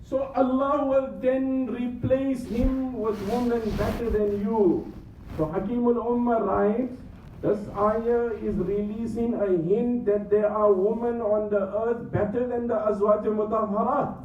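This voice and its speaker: A man from Africa, an Islamic scholar, giving an impassioned sermon with joking asides and rapid Arabic recitation in a large mosque hall. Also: very high-pitched, fairly even intonation, darkish tone, a little hiss or hum. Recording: echoey hall, distant mic, dull sound.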